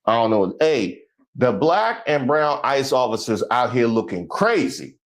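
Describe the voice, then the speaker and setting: A man's voice: mid-range voice, a little slow, a little hiss or hum. A man hosting a comedic news commentary show, casual and slangy, riffing and joking. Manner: animated, joking, breaks into song and laughter.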